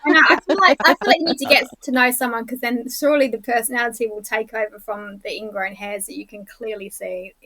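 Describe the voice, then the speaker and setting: A woman's voice: on the high side, steady tone, fast talker, few pauses, sharp tone, poor audio. A woman with an Australian accent, chatting casually as a podcast guest and laughing through her stories. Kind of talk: casual chat.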